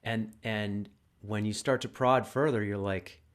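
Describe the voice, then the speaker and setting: A man hosting a podcast conversation, speaking reflectively and haltingly, often repeating words as he gathers his thoughts. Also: fairly low pitch, fairly even intonation. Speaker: podcast host. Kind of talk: casual conversation.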